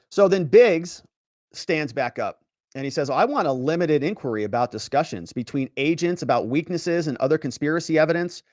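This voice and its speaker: Animated man retelling courtroom drama. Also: a little high, dry recording, clean studio sound. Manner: dramatic retelling, acting out the lines of judge and lawyers. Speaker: legal commentary host. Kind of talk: animated legal commentary.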